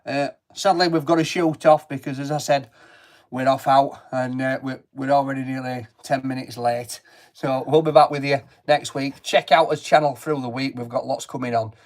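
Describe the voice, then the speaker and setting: A middle-aged man from Barnsley with a broad Yorkshire accent, chatting on local radio. He talks in a jokey, easygoing way at an ordinary pitch for a man, full of banter and dialect. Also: steady tone, normal speed. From Barnsley, England. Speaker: radio co-host. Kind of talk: casual radio chat.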